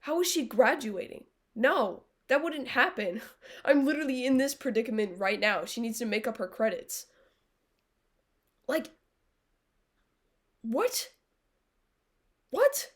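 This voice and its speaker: A woman's voice: a little high, lively intonation, measured pace, pauses often. A young adult woman live-streaming, chatting casually with viewers in a blunt, sarcastic way, swearing freely. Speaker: livestreamer.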